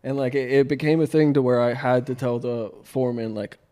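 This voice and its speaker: Mellow-voiced young man. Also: medium pitch, steady tone. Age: 20s. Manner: profane, storytelling, quick to mimic coworkers. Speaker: podcast co-host. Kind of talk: casual chat.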